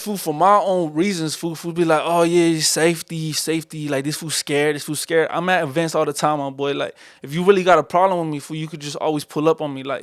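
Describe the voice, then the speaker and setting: A man's voice: on the high side, no echo, clean studio sound. A young man with a Chicano English accent hosting a casual solo podcast, rambling in slang and calling everyone "fool.". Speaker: podcast host. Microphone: studio mic.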